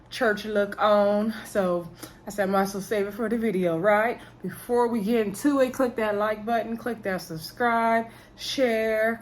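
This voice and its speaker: Brief: woman channel host, chatty recap, talks straight to viewers, laughs easily, mid-range voice. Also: mid-range voice. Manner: talkative, addresses viewers as "y'all", laughs often. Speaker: channel host reviewing a reality show.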